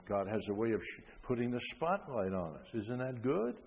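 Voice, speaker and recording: An older man preaching a sermon, emphatic, with frequent rhetorical questions, rising loud and then dropping soft. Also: medium pitch, very animated, normal speed. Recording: long hall reverb.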